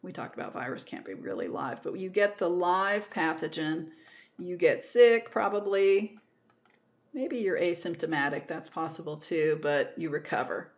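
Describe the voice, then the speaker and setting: This recorded microbiology lecture comes from a woman whose fairly low voice sounds animated at a moderate pace, though the highs are cut off. Her explanations proceed step by step, with terms restated in new words and occasional self-corrections.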